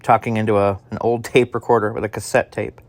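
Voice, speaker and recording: A self-doubting survivor, voiced by a man speaks into a tape diary in an audio drama. He talks haltingly, stumbling and restarting often. His voice sits somewhat low. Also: little pitch movement, creaky, no echo. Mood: wistful. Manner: halting, with many restarts and fillers.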